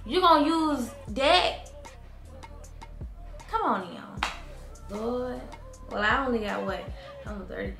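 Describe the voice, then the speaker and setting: A woman's voice: fairly high pitch, lively intonation, slow, creaky, long pauses. A woman in her late twenties chatting casually to her viewers from her bedroom, full of fillers and stretched-out words. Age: late 20s. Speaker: vlogger. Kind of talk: casual chat to camera. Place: home bedroom. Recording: roomy echo, faint music behind.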